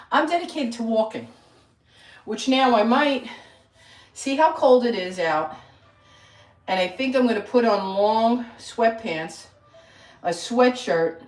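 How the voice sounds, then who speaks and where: An older woman chatting casually on a live stream, counting out exercise reps and rambling about her day. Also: mid-range voice. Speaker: lifestyle channel host. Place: home room with a mirror. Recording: echoey room, voice from a distance.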